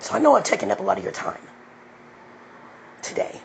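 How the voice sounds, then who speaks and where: A woman's voice: mid-range voice, expressive, brisk, creaky, darkish tone, a little hiss or hum, low-quality recording. A woman preaching with fiery, profane emphasis, then praying aloud. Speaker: online preacher. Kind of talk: impassioned preaching and prayer.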